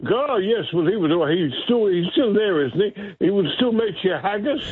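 A man phoning in to a radio show, his voice slightly high and husky. He rambles from one story to the next in a reminiscing way. The line is thin and tinny, like a telephone. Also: animated, moderate pace. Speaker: caller. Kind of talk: talkback phone call.

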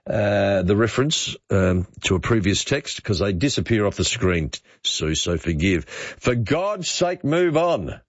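An older man hosting talkback radio, his voice slightly low and set close to the mic in a dry room. He chats easily and exclaims often, breaking off to read listener messages aloud. The sound is a little dull and lo-fi. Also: sing-song, unhurried, hardly any pauses, dry recording. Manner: chatty, exclaiming, reads listener texts aloud. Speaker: radio host.

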